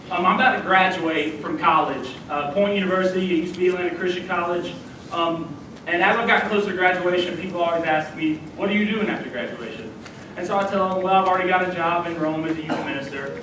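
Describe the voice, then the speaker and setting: A young man in his twenties, a youth minister from Dallas, telling a lively, self-deprecating story to a youth group. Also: high-pitched. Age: 20s. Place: church hall. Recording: echoey room from far off, noisy.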